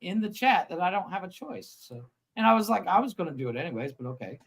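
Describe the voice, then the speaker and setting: A man's voice: high-pitched, sing-song, fast, creaky, slightly rough. A man co-hosting a comedy podcast over a video call, swearing freely and bragging. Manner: profane, boastful. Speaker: podcast co-host. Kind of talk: casual comedy podcast banter. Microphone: video call mic.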